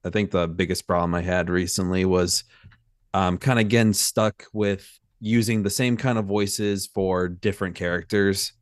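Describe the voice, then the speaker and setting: A man with a deep, smooth voice speaks earnestly and hedges his words. The recording is dry and close, with no room sound. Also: steady tone, normal speed, no echo. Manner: earnest, hedging with fillers. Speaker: new voice actor. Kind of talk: casual stream chat.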